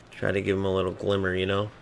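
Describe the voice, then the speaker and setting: Angry profane gaming ranter. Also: male voice, deep voice, creaky, a little hiss or hum. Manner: angry, profane, swings between mocking and muttering. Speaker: gaming streamer. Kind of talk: ranting live gameplay commentary.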